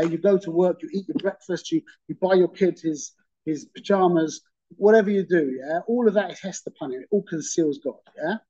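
A man's voice: a little high, mellow, slightly rough, dull audio. A man teaching a religious class in a conversational way, often checking in with "okay?" and repeating phrases for emphasis. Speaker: Torah teacher.

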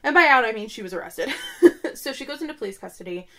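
A woman's voice: a little high, lively intonation, quick pace. Joking, blunt woman on a podcast. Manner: blunt and joking, swears freely. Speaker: podcast co-host. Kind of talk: casual true-crime chat.

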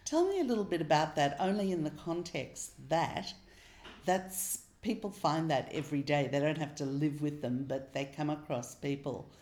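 A woman hosting an interview, her voice low and deep for a woman. She asks long, winding questions and often chimes in with affirmations. The sound is echoey and roomy. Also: normal speed. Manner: warm, affirming, rambling questions. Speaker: interview host. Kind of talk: casual conversational interview.

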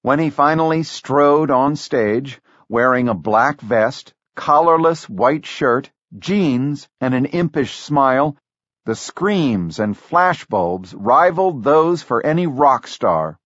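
A man narrating an audiobook in a measured, even storytelling delivery. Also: mid-range voice, dry recording, muffled recording. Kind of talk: scripted narration.

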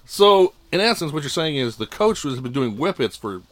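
A man chatting casually who drops short, dry jokes into a friend's story. His pitch moves around a lot as he talks. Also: very animated, normal speed, a bit bright, dry recording. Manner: dry, joking interjections. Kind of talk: casual chat.

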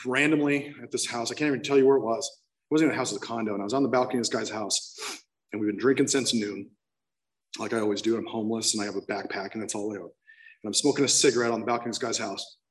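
A man's voice: medium pitch, far from the mic. A man candidly telling his personal recovery story, emotional, with many restarts. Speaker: speaker sharing his story.

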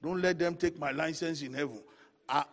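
A man teaching a Bible study in a lively preaching manner, with rising exclamations and playful asides. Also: a little high, moderate pace, long reverb tail.

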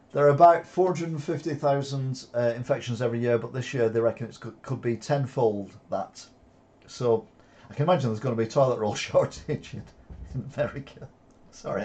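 Sardonic man with a mellow voice. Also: mid-range voice. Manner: sardonic, swears, chuckles at stories. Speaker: news commentary vlogger. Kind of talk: reading headlines with opinionated commentary.

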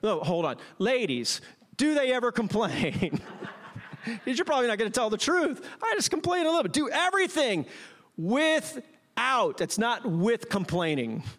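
Middle-aged male pastor, high voice, animated self-mocking sermon storyteller. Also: measured pace. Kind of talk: sermon with personal stories.

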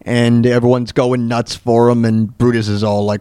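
A man's voice: mid-range voice, level tone, moderate pace, hardly any pauses, mellow, smooth, dry recording, clean studio sound. A man hosting a podcast, riffing in a rambling, joking way that is full of repeated words and restarts. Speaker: podcast host. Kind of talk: casual comedic commentary.

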